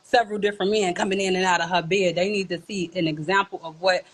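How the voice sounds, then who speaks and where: A woman's voice: on the low side, fairly even intonation, quick pace, low-quality recording. A woman giving earnest, plain-spoken opinions in a casual chat. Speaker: guest.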